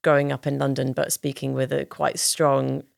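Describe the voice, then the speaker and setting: Chatty gravelly woman co-host. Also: very deep voice, completely flat delivery, normal speed, no room sound, clean studio sound. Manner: chatty, warm-humoured, laughs easily. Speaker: podcast co-host. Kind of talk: casual podcast chat.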